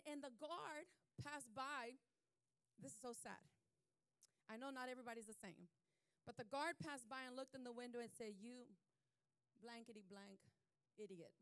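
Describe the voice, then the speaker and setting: A woman's voice: high-pitched, a bit bright, clear, resonant tone, no echo. A woman pastor telling a testimony in a sermon, repeating lines and rising into fervent praise.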